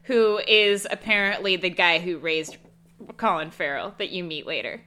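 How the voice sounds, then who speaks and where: A woman's voice: fairly low pitch, moderate pace, pushed and bright. A woman co-hosting a podcast, recapping a movie in sardonic, swearing casual chat and laughing often. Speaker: podcast co-host.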